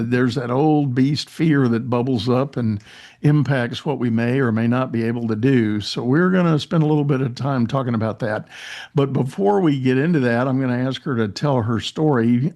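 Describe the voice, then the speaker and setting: A man's voice: mid-range voice, normal speed. Easygoing male podcast host. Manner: friendly, relaxed with filler words. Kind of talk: podcast interview introduction.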